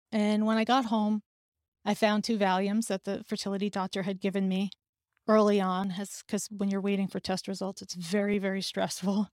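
A woman's voice: medium pitch, darkish tone, no room sound, studio quality. Earnest woman telling her own story. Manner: earnest, emotional, candid. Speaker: podcast host. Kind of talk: personal storytelling.

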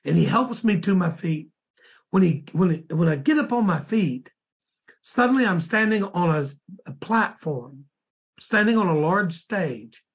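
A man, a minister, slowly recounting a dream in a sermon, halting and repeating words as he goes. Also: on the high side, slightly rough.

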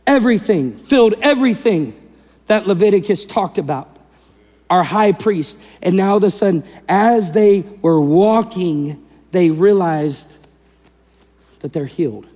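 A male pastor preaching a sermon in an animated way, acting out the people in the story and swinging between loud and hushed delivery. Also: high voice, measured pace, in a large hall.

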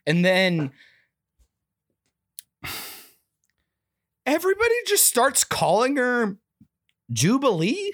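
A woman's voice: on the low side, huge pitch swings, measured pace, long pauses, no room sound, clean studio sound. A woman co-hosting a podcast, ranting casually and profanely about a movie. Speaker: podcast co-host. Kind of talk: casual chat, movie review.

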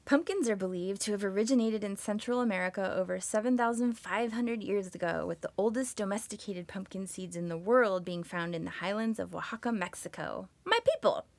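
A woman's voice: medium pitch, vocal fry, no room sound. A woman co-hosting a comedic podcast who tells history in a sarcastic, profane and playful way. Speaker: podcast co-host. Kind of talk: comedic scripted storytelling.

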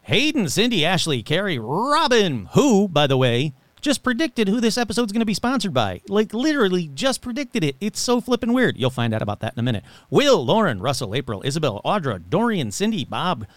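A man's voice: sits high, big pitch swings, brisk, no room sound. A man hosting a paranormal podcast, chatting casually and with self-mockery as he reads out a long list of supporter names. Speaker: podcast host. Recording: very dry close-mic sound.

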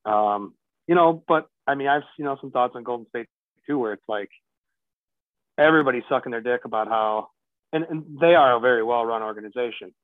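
A man's voice: medium pitch, brisk, no room sound. A man in casual sports chat who grumbles, swears and keeps restarting his thoughts. His mid-range voice comes through a tinny, phone-like line. The sound is dry, with no room around it. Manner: grumbling, profane, restarts often. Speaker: podcast co-host.

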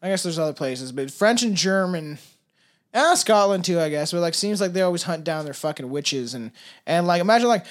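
A podcast co-host from Canada in loose, casual chat. The voice sits at a middle pitch. The talk rambles, full of swearing and laughter. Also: animated, fairly quick. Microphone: headphones and mic, remote.

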